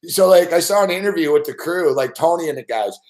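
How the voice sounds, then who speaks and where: A man's voice: a little high, lively intonation, brisk, darkish tone. A man hosting a casual stream, reacting to a clip with frequent laughter and profanity. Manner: laughing often, profane, amused. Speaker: host.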